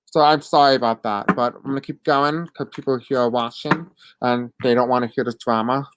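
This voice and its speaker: A host with a deaf accent gives live readings and answers chat questions in a halting, apologetic way with many fillers. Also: medium pitch, steady tone, a little hiss or hum.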